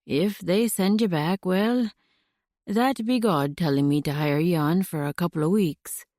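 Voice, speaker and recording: A kindly bearded shopkeeper with a soft Scottish lilt, voiced by a woman narrator. He speaks gently, in a low, mellow voice, recorded close and dry. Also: measured pace, dry recording, lightly acted.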